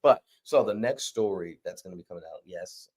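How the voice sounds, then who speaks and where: Casting: lower-voiced man, loose and rambling host energy. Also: brisk, darkish tone, breathy edge. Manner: rambling, self-correcting, laughs often. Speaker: comic publisher host. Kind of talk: casual livestream chat.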